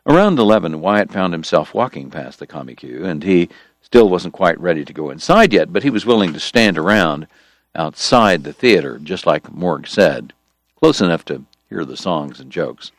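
Low-voiced male narrator, lively intonation, dry close recording, storytelling read. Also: no room sound. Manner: measured, storytelling. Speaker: audiobook narrator. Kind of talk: scripted narration.

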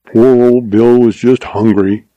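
A man's voice: mid-range voice, animated, moderate pace, mellow, no room sound, lo-fi sound. A man voicing a sly, easygoing young male cowboy, with a drawling, mock-mournful delivery.

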